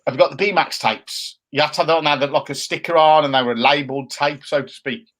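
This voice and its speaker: A man with a slightly raised pitch, talking casually on a chat show. He teases his co-host in playful banter and rambles through half-remembered details. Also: steady tone, fast talker, a bit bright. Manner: jokey banter, playful mocking impressions. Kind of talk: casual chat with live viewers.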